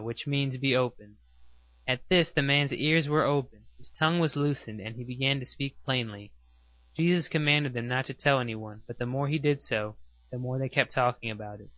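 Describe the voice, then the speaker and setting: A man giving a steady, measured scripted reading of Bible passages. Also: mid-range voice, no echo, highs cut off.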